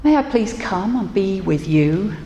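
A woman's voice: mid-range voice, animated, unhurried, dark tone, muffled recording, slight background noise. A woman voicing a lovelorn young prince in a told story, speaking in a raised, earnest storybook manner. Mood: proud. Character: lovelorn young prince, proud then humble. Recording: echoey hall with room ambience.

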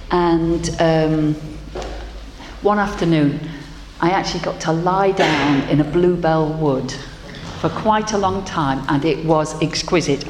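A woman minister giving a gentle, reflective sermon and leading prayer. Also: deep voice, a little hiss or hum. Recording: roomy hall with faint ambience.

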